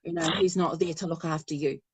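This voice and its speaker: A woman's voice: deep voice, fairly even intonation, brisk, slightly rough, no room sound. A woman giving a live psychic reading, chatty and affectionate, often laughing. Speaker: spiritual medium.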